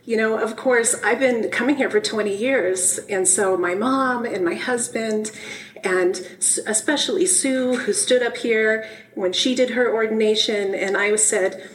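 A woman's voice: on the high side, a little slow, poor audio. A middle-aged woman minister giving a personal, heartfelt, conversational sermon in a church sanctuary. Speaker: minister giving her first talk.

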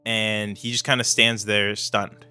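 A man's voice: on the low side, level tone, measured pace, bright, forceful tone, soft background music. A man narrating as game master in a casual, hedging way, full of fillers.

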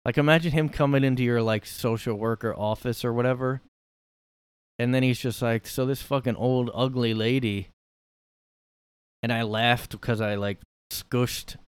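A man's voice: medium pitch, steady tone, normal speed, smooth, dry recording. A man hosting a podcast from his room, rambling through mocking commentary on a clip, full of fillers and asides. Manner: mocking, incredulous. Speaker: podcast host. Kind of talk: casual commentary reacting to clips.

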